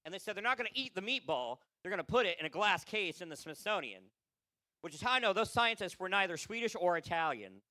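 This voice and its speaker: A man's voice: high-pitched, sing-song, fast talker, pushed and bright, no echo. A man doing a profane, rambling stand-up set at an open mic, tired and laughing at his own jokes.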